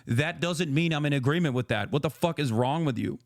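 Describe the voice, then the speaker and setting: A man's voice: a little high, fast talker, hardly any pauses, dry recording, studio quality. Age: unknown. Sex: man. Role: streamer host. Style: exasperated, profane reaction-stream rant. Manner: rambling with frequent restarts.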